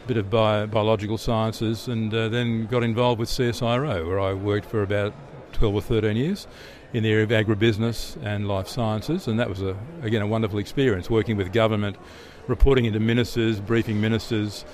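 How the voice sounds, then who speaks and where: A man's voice: on the low side, steady tone, brisk, hardly any pauses, a little mellow. A middle-aged Australian man, an interview guest telling stories in a chatty way, often restarting and repeating words. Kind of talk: relaxed storytelling answers.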